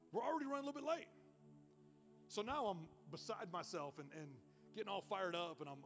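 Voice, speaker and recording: High-voiced man preaching a sermon. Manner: energetic storytelling, repeats words when excited. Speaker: pastor. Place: church.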